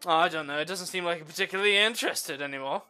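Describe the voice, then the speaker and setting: A man voicing a cheeky male dwarf shipwright who talks in gruff sailor slang and teases a lot. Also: a little high, rapid-fire, soft background music. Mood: sly. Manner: gruff sailor talk, teasing, loud.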